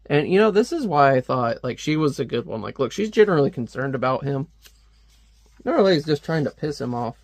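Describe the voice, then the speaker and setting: A man's voice: mid-range voice, very animated, brisk, no room sound. A man chatting casually as a comic reviewer, rambling with lots of fillers and frequent laughs. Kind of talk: casual commentary.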